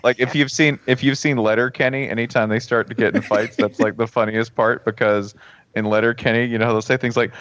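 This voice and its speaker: A man's voice: fairly even intonation, brisk, a bit bright, dry recording. A man co-hosting a podcast, chatting casually and animatedly, often slipping into exaggerated accent impressions. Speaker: podcast co-host. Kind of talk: casual comedic chat. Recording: dry, dull low-fidelity podcast audio.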